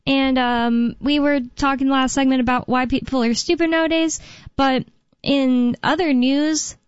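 Woman talk radio host, rambling casual chat, fairly high voice, dry dull lo-fi sound. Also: steady tone, measured pace, dry recording. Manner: chatty, rambling, laughs often.

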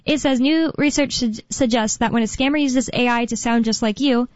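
A woman's voice: a little high, fairly quick, no room sound, muffled recording. Chatty, rambling young woman on talk radio. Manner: rambling, chatty, thinks aloud with fillers. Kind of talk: casual talk radio chat.

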